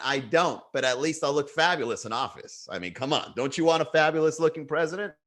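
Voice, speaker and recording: A man's voice: a little high, animated, fast talker, few pauses, fairly bright tone. A man hosting a comedy livestream, chatting casually in a rambling, jokey way and reading viewer comments aloud. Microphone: webcam or desk mic for a livestream.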